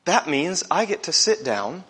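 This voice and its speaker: A man preaching a sermon in church, talking in a conversational way, slowing down to stress scripture and asking the congregation questions. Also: a little high, big pitch swings, pushed and bright, husky.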